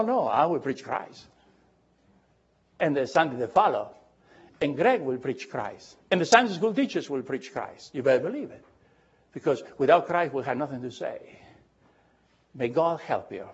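Middle-aged male preacher, fairly high husky voice, surges from quiet to shouting, muffled lo-fi sound. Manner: impassioned, swings from hushed to shouting. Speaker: pastor. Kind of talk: sermon. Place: church auditorium.

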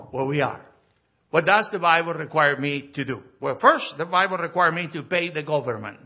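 A man from South America preaches a sermon, reading scripture in a slow, lifted voice and then breaking into quick, broken-English asides and stories. His voice sits high and bright with a husky grain. The recording is muffled and lo-fi. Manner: non-native grammar and frequent restarts. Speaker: pastor.

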